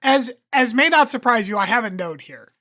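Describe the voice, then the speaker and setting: A woman's voice: fairly high pitch, animated, moderate pace, sharp tone. A woman co-hosting a podcast, blunt and sarcastic in casual chat, swearing freely. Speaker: podcast co-host.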